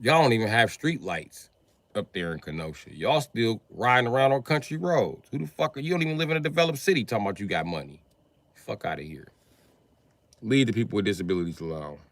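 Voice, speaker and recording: Profane, yelling livestream host, man. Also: fairly low pitch, animated, quick pace, dry recording. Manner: profane, combative, swings between yelling and muttering. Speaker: livestream host moderating chat. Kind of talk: heated livestream rant at chat.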